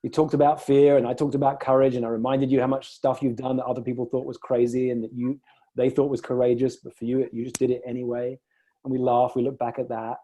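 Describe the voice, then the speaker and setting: A man's voice: medium pitch, level tone, fast, dark tone. A man coaching a client one-on-one, reflecting her words back and telling stories to make a point.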